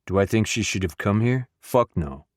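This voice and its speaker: A man voicing a towering alpha werewolf, easygoing yet assertive and quietly threatening, in an audiobook. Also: fairly low pitch, expressive, normal speed, no echo, studio quality, lightly acted. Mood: menacing. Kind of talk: audiobook character voice.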